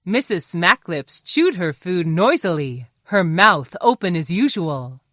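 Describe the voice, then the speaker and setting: A woman reads a children's story aloud, her pitch swooping in a lively sing-song. Her tone is bright and clear, and she takes an unhurried pace, recorded dry and close. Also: no echo. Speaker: storybook narrator. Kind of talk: scripted children's story reading.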